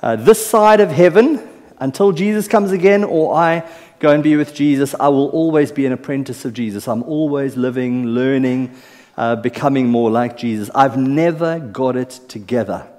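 A pastor born in South Africa preaches from a church stage into a microphone, chatty and teasing as he checks in with the congregation. His voice is medium-pitched and a little mellow, at a moderate pace. The live hall recording carries long church reverb.

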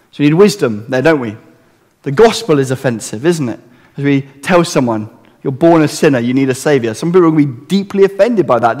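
Earnest preacher man in a reverberant hall. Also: a little high. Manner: earnest, conversational preaching with rhetorical questions. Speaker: pastor. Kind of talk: sermon.

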